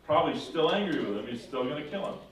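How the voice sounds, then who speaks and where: A man's voice: a little high, quick pace. Man teaching, echoey and distant. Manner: animated retelling, acting out characters, self-correcting. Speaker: confirmation class teacher. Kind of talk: classroom storytelling. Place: church classroom. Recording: echoey room from far off with faint noise.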